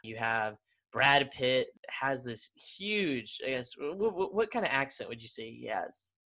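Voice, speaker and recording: Bright-voiced enthusiastic man. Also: medium pitch, very animated, measured pace. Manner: enthusiastic, rambling with restarts. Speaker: podcast co-host. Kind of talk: casual chat.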